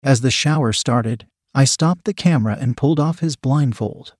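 A man's voice: medium pitch, moderate pace, a little mellow, husky, no room sound. Man narrating, dry and close. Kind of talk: first-person story narration.

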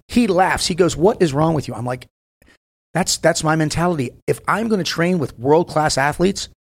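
A man in his fifties talks in a blunt, profane way, swinging into emphatic bursts as he tells stories. His voice sits a little high for a man, and he keeps it conversational, as a guest on a podcast. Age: 50s. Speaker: podcast guest, former Navy SEAL. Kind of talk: casual podcast chat.

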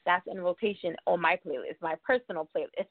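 A woman's voice: on the low side, fairly quick, dry recording. A woman hosting an interview, chatty and full of fillers. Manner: chatty, warm introductions with fillers. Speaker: radio show host. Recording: tinny phone-like line.

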